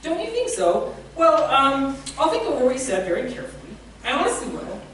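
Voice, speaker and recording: A woman's voice: high-pitched, sing-song, a little fast, fairly bright tone, slight background noise, pitched above the performer's own voice. A woman putting on a fretful cowardly ghost man. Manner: pleading, fretful excuses. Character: fussy cowardly male ghost, anxious and evasive. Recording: echoey room, distant mic.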